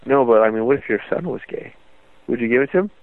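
A man's voice: mid-range voice, lively intonation, quick pace, no echo, phone-quality sound. A man co-hosting a casual comedic podcast chat, joking around and acting out imagined scenes. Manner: joking, acts out quoted voices, laughs often. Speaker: podcast co-host.

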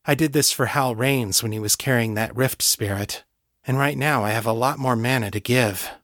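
A man voicing a blunt young woman wizard who talks briskly and swears, in a storybook reading. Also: mid-range voice, fairly bright tone, no echo, clean studio sound, natural voice. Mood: steady.

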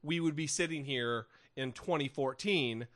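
A man's voice: medium pitch, unhurried, a bit bright. A man co-hosting a comedy podcast, joking and rambling with frequent restarts in casual chat. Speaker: podcast co-host.

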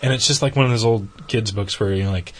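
A man's voice: fairly low pitch, fast. A man co-hosting a podcast, chatting casually and enthusiastically, rambling with restarts. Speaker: podcast co-host. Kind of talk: casual chat.

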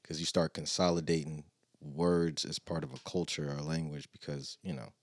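A man co-hosting a casual podcast chat, relaxed, reading out definitions between jokes. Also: rumbling low, moderate pace, no echo, clean studio sound. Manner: reads definitions aloud, laid-back. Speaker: podcast co-host.

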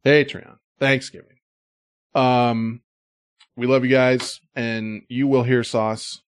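A man co-hosts a podcast in a loose, rambling way, thanking listeners as he goes. His voice sits at an everyday middle pitch. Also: level tone, takes it slowly, clean tone. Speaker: podcast co-host. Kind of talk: casual podcast chat.

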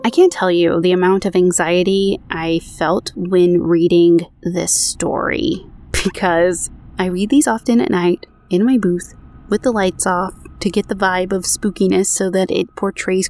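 Low-voiced woman reading ghost stories. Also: fairly even intonation, moderate pace, mellow. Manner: conversational, self-deprecating asides. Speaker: podcast host. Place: home recording booth.

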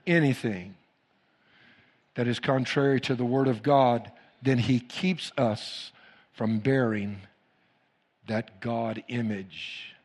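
A man's voice: medium pitch, steady tone, a little slow, creaky, husky. A man preaching a sermon and leading a prayer in a church, emphatic and repetitive in his phrasing. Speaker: pastor. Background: soft instrumental music.

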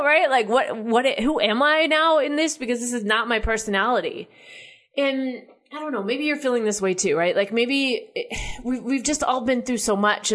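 A woman's voice: sits high, fairly bright tone. A young adult woman from the United States talking through her thoughts in a casual monologue, full of "like" and "right?". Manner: chatty, heavy use of "like" and "right?".

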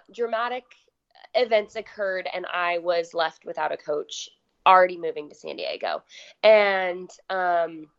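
A young woman guest in her twenties, a little hoarse, chatting casually with lots of "like" fillers. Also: lowish voice, muffled recording. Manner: chatty, filler-heavy, uses "like" a lot. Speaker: guest athlete. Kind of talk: casual interview chat.

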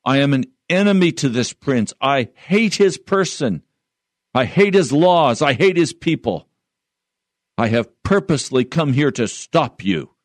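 A man's voice: medium pitch, big pitch swings, a little slow, no echo, voice pushed up. A man voicing a raging male demon who shrieks threats and hatred while reading a storybook aloud. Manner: shrieking, hideous rage.

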